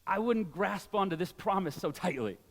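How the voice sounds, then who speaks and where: Animated high-voiced male preacher. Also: normal speed, in a large hall. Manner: animated, conversational preaching with asides. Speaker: pastor. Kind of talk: sermon.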